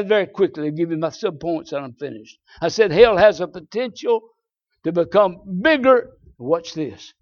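Southern preacher with a lively, high voice. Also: male voice. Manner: emphatic, swings from low asides to shouted climaxes; folksy storytelling. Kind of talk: sermon. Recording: dull lo-fi sermon recording.

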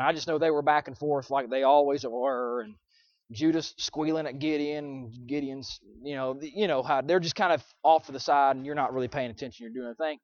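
A young man preaching, telling a personal story in an earnest, confessional way that swings from loud to hushed. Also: fairly high pitch, no room sound, dull audio. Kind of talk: sermon illustration.

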